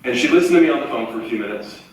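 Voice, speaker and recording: A man in his forties giving a live motivational talk, telling stories in an animated way and acting out the voices of the people he quotes. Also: medium pitch, very fast, a little hiss or hum. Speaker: motivational speaker. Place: large auditorium. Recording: echoey hall from far off, faint ambience.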